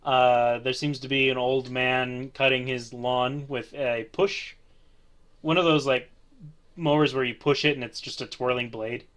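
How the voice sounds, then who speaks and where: A man's voice: mid-range voice, fairly even intonation, unhurried, a bit bright. A man narrating a tabletop role-play as game master, easygoing and hesitant.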